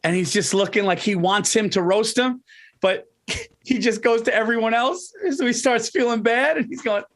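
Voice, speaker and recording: A man with a high voice chats on a comedy podcast as co-host. He retells scenes eagerly, swearing and laughing as he goes. He talks casually and quickly. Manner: animated, profane retelling with laughs.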